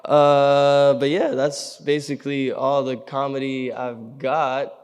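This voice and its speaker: A man's voice: mid-range voice, little pitch movement, takes it slowly, darkish tone, clean tone. A young man from Canada hosting a gala, doing stand-up and running an auction, teasing the crowd with energy. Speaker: comedian and gala host. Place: large reverberant banquet hall. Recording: echoey hall sound.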